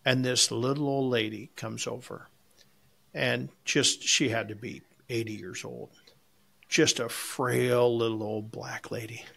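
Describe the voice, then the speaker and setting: Gravelly, mid-pitched man; casual podcast co-host, rambling storyteller with a salty mouth. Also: steady tone, unhurried, fairly bright tone. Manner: rambling anecdotes with frequent restarts, salty language. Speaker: podcast co-host and competition barbecue cook.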